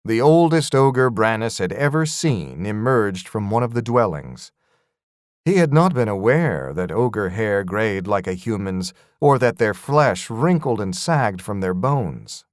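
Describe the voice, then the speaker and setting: Low-voiced man narrating an audiobook. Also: a little slow, no echo, studio quality. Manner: expressive storytelling. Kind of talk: scripted fantasy narration.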